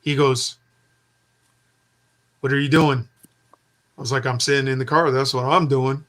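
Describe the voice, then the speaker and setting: Man, middle pitch, chatty storyteller who acts out the dialogue. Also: unhurried. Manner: animated storytelling, acting out quoted dialogue. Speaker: storyteller in casual chat. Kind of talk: casual chat.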